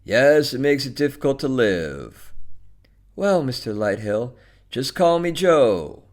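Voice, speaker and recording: A man's voice: mid-range voice, big pitch swings, slow, voice pushed up. A man reading a story, voicing a balding, lonely middle-aged man who talks curtly and pushes insistently. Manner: curt, insistent, coaxing.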